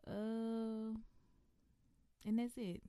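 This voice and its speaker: A young adult woman with a New Orleans accent, answering interview questions in a relaxed, casual way with local slang and frequent laughs. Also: a little high, drawn-out words, smooth, dry recording, studio quality. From New Orleans, USA. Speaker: interview guest.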